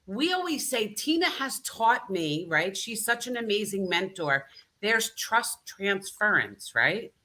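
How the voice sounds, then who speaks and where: Woman host, bright voice, animated casual chat, video call audio. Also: mid-range voice, slow pace. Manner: animated, frequent "right?" tags. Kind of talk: casual live-stream chat.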